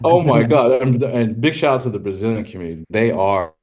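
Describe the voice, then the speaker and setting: A man who is a podcast guest, telling stories casually and animatedly, leaping up in pitch when he quotes himself. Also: fairly quick, darkish tone. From California. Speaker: guest, rodeo filmmaker. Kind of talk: casual storytelling.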